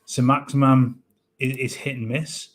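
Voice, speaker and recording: A man talking through his football club's squad in a steady, level voice with little rise and fall. He is measured and thoughtful, often restarting his sentences as he works out a point. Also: medium pitch. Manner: measured, hesitant with many restarts. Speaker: co-host of a football fan show. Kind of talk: casual football analysis.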